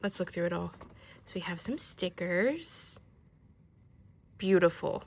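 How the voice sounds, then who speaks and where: A woman's voice: lowish voice, animated, slow, darkish tone. A young adult woman talking casually to camera in a vlog, chatty and gushing, filling her speech with "like" and "um". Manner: chatty and gushing, many fillers like "like" and "um". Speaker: vlogger.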